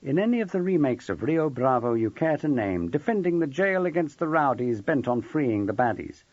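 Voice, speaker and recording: A man's voice: medium pitch, sing-song, normal speed, darkish tone, no echo, highs cut off. A man narrating a novel as an audiobook, telling the story expressively. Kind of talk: scripted narration.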